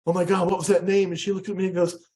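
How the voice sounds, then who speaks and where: An American man with a slightly high but dark, mellow voice tells a story. He talks animatedly and leaps up in pitch to act out other people's lines. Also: racing. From USA. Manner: animated, acts out quotes with big pitch jumps. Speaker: guest speaker. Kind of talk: storytelling presentation.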